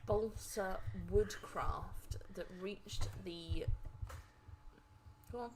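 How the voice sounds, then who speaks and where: A woman's voice: medium pitch, darkish tone, a little hiss or hum, rough recording. A woman hosting a casual family quiz video at home, reading the questions aloud and tripping over hard names. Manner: reads slowly, stumbles over hard names.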